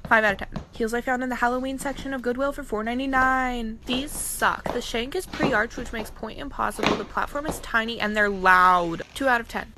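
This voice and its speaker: A woman with a fairly high voice delivers a scripted comedic review in brisk, matter-of-fact verdicts. Clear noise sits behind her. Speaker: dancer rating shoes.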